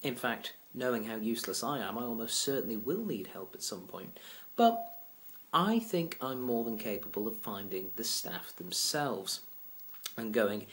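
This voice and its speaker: A man's voice: medium pitch, animated, normal speed, a bit bright. Exasperated rambling man vlogging. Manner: rambling, self-deprecating, exasperated. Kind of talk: casual venting monologue.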